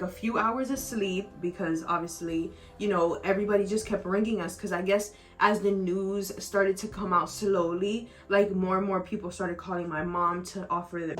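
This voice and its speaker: A woman's voice: mid-range voice, fairly bright tone. A young woman vlogger telling a personal story in a rambling, emotional way, full of "like", tearful at times. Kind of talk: storytime vlog.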